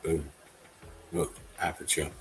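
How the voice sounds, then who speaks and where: A man's voice: takes it slowly, soft background music, low-quality recording. A man hosting a casual livestream, talking bluntly, swearing and chuckling often. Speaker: channel host.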